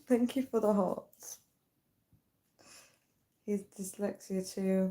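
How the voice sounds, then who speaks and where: A woman's voice: mid-range voice, drawn-out words, pauses often, warm tone. A woman on a casual livestream, chatting, giggling and reading viewers' comments aloud. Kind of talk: casual live-stream chat. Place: at home late at night.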